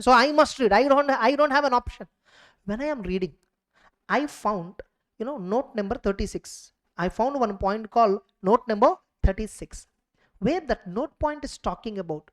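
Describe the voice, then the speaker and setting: A woman with an Indian English accent teaching an exam revision class in a fairly high voice. She repeats each phrase and keeps asking rhetorical questions like a coaching tutor.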